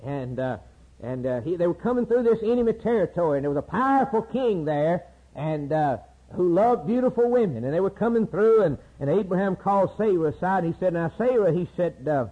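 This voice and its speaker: A male preacher delivers a sermon, swinging from loud high cries to low hushed storytelling. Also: lively intonation, fairly quick, husky. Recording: tinny lo-fi sermon tape.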